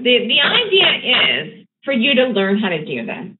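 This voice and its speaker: Brisk trading coach woman on a tinny line. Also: fairly high pitch, wildly swooping pitch. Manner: brisk, repetitive, emphatic coaching. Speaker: day trading instructor. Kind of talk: webinar trading lesson. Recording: tinny phone-like line with faint noise.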